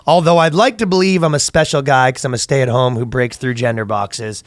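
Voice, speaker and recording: A man's voice: medium pitch, brisk, no room sound. A man co-hosting a comedy podcast, riffing emphatically in casual banter and laughing often. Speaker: podcast co-host.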